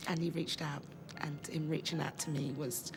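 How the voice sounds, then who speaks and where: A woman's voice: sits low, level tone, moderate pace, music in the background. A woman in a documentary interview, telling stories expressively and acting out her reactions.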